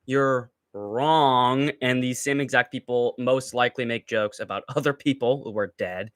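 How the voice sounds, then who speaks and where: A man's voice: mid-range voice, fairly even intonation, unhurried, a bit bright, clear, resonant tone, dry recording, studio quality. A young man hosting a livestream, ranting with heated, profane, mocking commentary. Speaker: livestream host.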